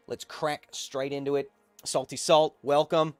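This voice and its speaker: A man's voice: fairly high pitch, flat delivery, unhurried, no echo, faint music behind. A man hosting a live science stream, talking in a playful, joking way with rambling asides. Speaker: host.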